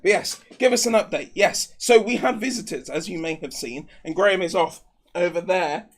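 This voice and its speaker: A man's voice: high-pitched, normal speed, a little hiss or hum. A man co-hosting a live stream, reading out viewer messages and trading playful banter. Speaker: co-host reading super chats. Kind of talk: casual live-stream chat.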